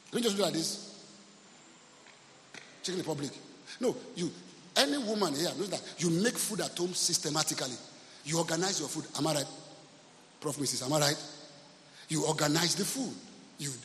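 A pastor delivers a sermon in a reverberant church, his voice a touch higher than most men's. He preaches emphatically and keeps asking his listeners whether they hear him. Faint room ambience sits under the long echo. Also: expressive, moderate pace, pauses often, a bit bright, a little hiss or hum. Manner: emphatic preaching, repeatedly asks the congregation if they are listening. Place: church service. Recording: echoey hall, faint ambience.

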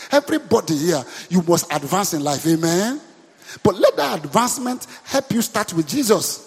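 A man preaching as pastor leads his congregation in call-and-response, asking question after question and urging replies. His high-pitched voice is slightly rough and very animated, moving at a moderate pace. Long hall reverb fills the recording.

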